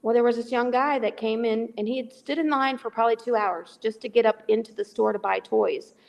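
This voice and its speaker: A middle-aged woman with a rough, gravelly voice pitched a little high tells a story as a guest on a remote call. She is animated and acts out every line of dialogue herself. Her voice carries a long, echoing reverb. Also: brisk. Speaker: guest, charity volunteer. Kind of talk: casual storytelling on a call-in podcast.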